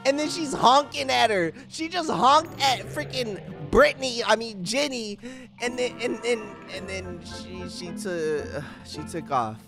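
A young man commentating his gameplay, animated and slangy, reading chat lines aloud. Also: very high-pitched, unhurried, over music. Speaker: gaming YouTuber.

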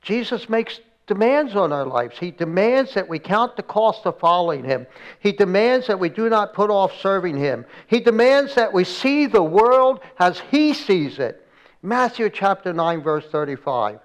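High-voiced male pastor preaching dramatically. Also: sing-song, moderate pace, muffled recording. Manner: dramatic storytelling, acting out quoted prayers with rising intensity. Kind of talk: sermon. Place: church, recorded for an online service.

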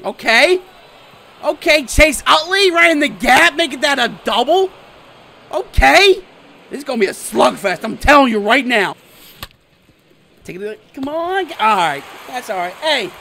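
A young man giving loud, swearing play-by-play reactions to a baseball video game, swinging from groans to shouts. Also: extremely high pitch, sing-song, measured pace, gravelly. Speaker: gaming YouTuber. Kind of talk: live gameplay reaction commentary.

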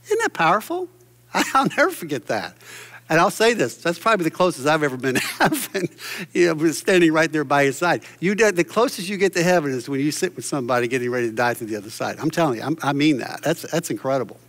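A man's voice: a little high, animated, fast, a bit bright, in a large hall. A man preaching a sermon from a church stage, fervent and exclamatory, often restarting his sentences. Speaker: pastor.

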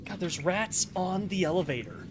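A man's voice: sits high, normal speed, heavy background noise. A man hosting a let's play, chatting and cracking profane jokes as he plays. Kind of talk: gaming commentary.

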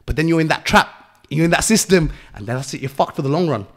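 A man's voice: fairly high pitch, animated, fast talker. Blunt English man lecturing in street slang. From England. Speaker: entrepreneur guest. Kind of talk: podcast interview.

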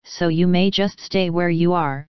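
A woman voicing an impatient, quick-tempered teenage girl in a storybook reading, speaking crossly. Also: on the low side, fairly even intonation, clean tone, no echo, lo-fi sound, lightly acted.

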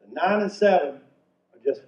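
A man's voice: high voice, animated, normal speed, a little mellow. An older man from North Carolina, telling stand-up comedy stories in a folksy way. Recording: echoey venue from far off, muffled.

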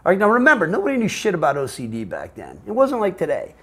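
A man's voice: high-pitched, fast talker, breathy edge. A middle-aged American man telling his own story in an interview, rambling and profane, often quoting other people. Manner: profane, rambling, animated, quotes others in voices. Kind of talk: candid personal storytelling.

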